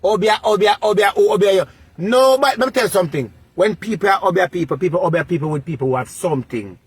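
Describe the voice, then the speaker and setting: A man's voice: sits high, fast, husky, no room sound. A man with a Jamaican accent delivering a scolding vlog rant, lecturing in a repetitive, sing-song preaching cadence. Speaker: vlogger. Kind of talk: scolding social media rant.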